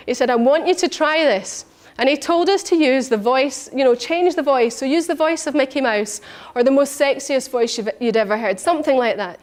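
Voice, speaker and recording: Animated high-voiced woman. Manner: animated, acts out her own thoughts in little voices. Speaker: personal development coach. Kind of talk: personal storytelling talk.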